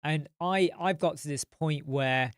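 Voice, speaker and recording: A man's voice: on the high side, measured pace, clean tone, dry recording, studio quality. A man hosting a casual live chat, tired and yawning, rambling as he answers viewer comments.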